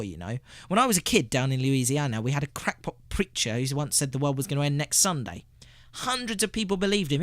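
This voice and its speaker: A man's voice: a little high, fairly bright tone, no echo, clean studio sound. A man voicing a glum, homesick male engineer, speaking in a morose, growling way in a storybook reading.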